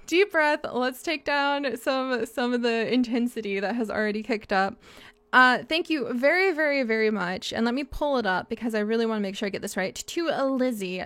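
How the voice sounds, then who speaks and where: A young woman live-streaming a life-sim game, bubbly and excitable, gushing thanks to her chat. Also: fairly high pitch, no room sound.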